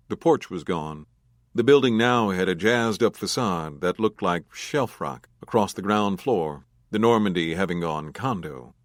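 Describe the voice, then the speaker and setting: A man reading a crime novel audiobook as narrator, in a measured, even storytelling manner. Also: lowish voice, no room sound, clean studio sound. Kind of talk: scripted narration.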